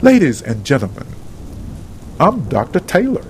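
A man doing a formal, measured hospital doctor. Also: a little high, huge pitch swings, slight background noise, poor audio. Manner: measured, formal bedside manner. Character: calm male hospital doctor delivering news.

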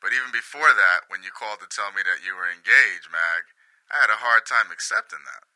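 A man's voice: on the low side, brisk, pushed and bright. A man playing an eager, emotional former sweetheart on a phone call in a radio-style drama. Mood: earnest longing. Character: lovestruck former sweetheart Fred.

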